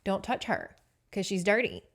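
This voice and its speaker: A woman's voice: mid-range voice, moderate pace, natural voice. Lady doing a sneery stern medieval lord, cold and scornful.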